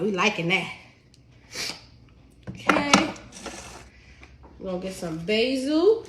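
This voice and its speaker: A home cook and cookbook author, sniffling with a cold, chats through a casual live cooking stream, calling her viewers y'all and laughing easily. Her medium-pitched voice is a bit bright, with slight background noise.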